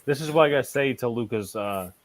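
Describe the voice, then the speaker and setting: Talking fast in a medium-pitched voice, a man runs a laid-back livestream as host and play-by-play caller for a football game. He trades jokes with friends between the calls.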